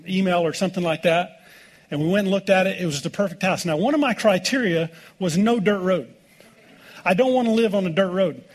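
A middle-aged American man preaching a sermon as pastor, telling folksy stories with jokes. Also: high voice. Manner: folksy, joking storytelling with laughs.

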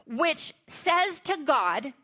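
A woman's voice: high voice, big pitch swings, very slow, bright, forceful tone. A middle-aged woman pastor, preaching a sermon in a chatty, humorous way and reading scripture aloud.

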